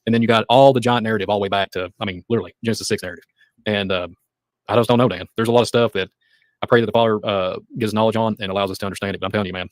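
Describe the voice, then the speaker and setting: A man co-hosting a casual religious podcast, talking quickly and excitedly, with sarcastic asides and muttered trail-offs. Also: lowish voice, dry recording. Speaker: podcast co-host.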